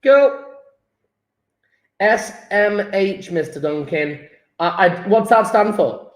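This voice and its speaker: High-voiced jokey male chemistry teacher. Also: expressive, slow pace, long pauses. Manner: jokey, chatty, addresses viewers as folks. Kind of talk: casual revision lesson.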